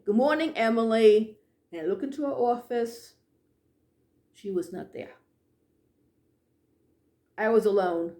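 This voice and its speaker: Animated woman telling a ghost story. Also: on the high side, echoey room. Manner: animated, drops to hushed tones.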